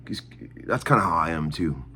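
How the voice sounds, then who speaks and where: A man's voice: sits low, lively intonation, moderate pace, a little hiss or hum. A middle-aged man chatting casually to his viewers in a rambling way, with lots of fillers. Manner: rambling, warm-hearted, many fillers. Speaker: guitarist hosting his own video channel. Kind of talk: casual spoken video update.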